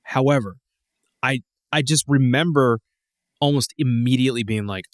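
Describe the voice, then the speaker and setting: A man's voice: medium pitch, moderate pace, dry recording, clean studio sound. A man co-hosting a podcast in casual chat, rambling with restarts, laughing and swearing as he tells old memories. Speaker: podcast co-host.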